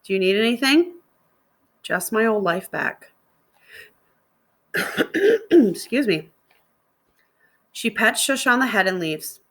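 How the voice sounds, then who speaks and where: A woman, a middle school teacher, reading a novel aloud to her students in a steady narrating voice. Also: fairly low pitch.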